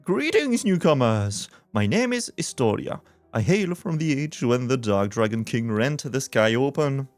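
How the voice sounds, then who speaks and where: A man's voice: medium pitch, big pitch swings, measured pace, no room sound, soft background music. A man voicing a grand ancient woman from a lost age, speaking in a formal, lofty, theatrical way.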